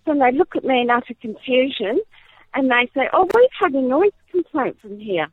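A woman's voice: sits high, expressive, moderate pace, breathy edge, no room sound. A woman telling a wry story as a caller on a radio show. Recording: tinny phone line.

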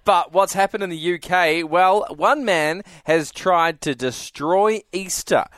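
A woman's voice: on the low side, dry recording, studio quality. A woman co-hosting a radio show, playful and jokey, telling odd news stories. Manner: playful storyteller, jokey, quick reactions. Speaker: radio co-host. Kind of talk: casual chat.

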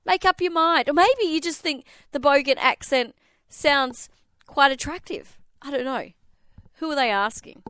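A woman's voice: sits high, lively intonation, unhurried, fairly bright tone, no echo. An Australian woman hosting a radio show, chatting playfully with lots of filler words. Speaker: radio host. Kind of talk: casual radio chat.

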